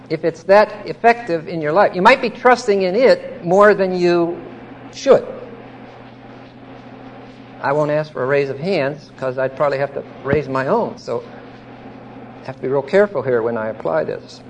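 A man with a fairly high voice teaches a Bible passage verse by verse, explaining patiently, checking in with listeners and stressing key words emphatically. Slight hiss or hum sits under the recording.

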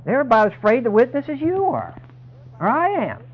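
Emphatic preacher on a lo-fi broadcast. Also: male voice, very high voice, huge pitch swings, a little fast, slightly rough. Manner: emphatic, dramatic, voicing the people he quotes. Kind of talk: sermon.

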